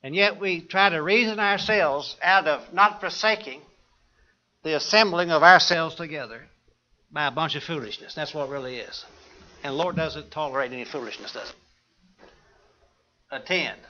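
Man, preacher, sermon, bright forceful tone, slightly high voice, muffled lo-fi sound. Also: normal speed, long pauses. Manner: asks the congregation questions, quotes scripture.

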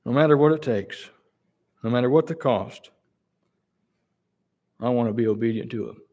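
A man preaching a sermon. He reads scripture in King James wording and presses the listeners with slow, emphatic rhetorical questions. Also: medium pitch, darkish tone.

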